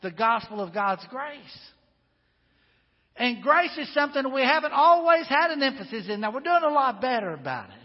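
A man with a high voice preaches an earnest, emphatic sermon. His words ring out with a long echo in a church sanctuary. The sound is dull and muffled. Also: big pitch swings, normal speed. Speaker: pastor.

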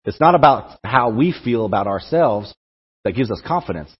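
A young man with a husky, lowish voice gives a conversational sermon to a campus group at a moderate pace, repeating words as he thinks aloud. He's a campus ministry speaker, recorded in an echoey hall with dull, lo-fi sound.

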